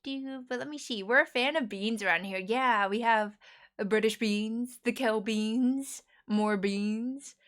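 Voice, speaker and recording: A woman's voice: fairly high pitch, a little slow, a bit bright. Young American woman streamer, giggly and talkative, casual chat. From United States. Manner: chatty, giggly, rambling.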